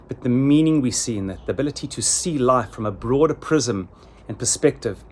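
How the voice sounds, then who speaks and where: A man's voice: mid-range voice, expressive, a little fast, a little mellow. A middle-aged man giving a heartfelt sermon, earnest and repeating phrases for emphasis. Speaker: rabbi giving a weekly Torah talk.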